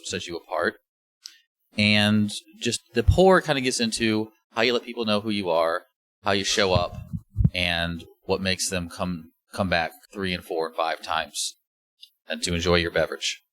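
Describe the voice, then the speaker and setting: A man hosting a podcast in a casual interview, asking long, rambling questions in a relaxed way. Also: sits low, dry recording. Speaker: podcast host.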